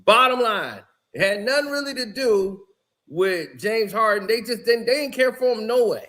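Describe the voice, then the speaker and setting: Guy with a high voice rambling about basketball drama, loose and chatty, lots of you know and like. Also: animated, moderate pace, a bit bright. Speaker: basketball commentator. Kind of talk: casual rambling commentary.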